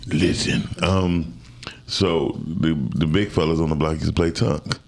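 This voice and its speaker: A man co-hosting a morning talk show, telling a personal story in a casual, animated way and acting out other people's voices. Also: very deep voice, measured pace, gravelly. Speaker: co-host.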